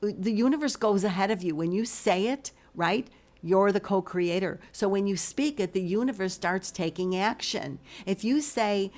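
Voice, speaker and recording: A woman's voice: medium pitch, moderate pace. A middle-aged woman and spiritual life coach, telling a story in a chatty, casual way and acting out both sides of the conversation. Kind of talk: casual motivational monologue.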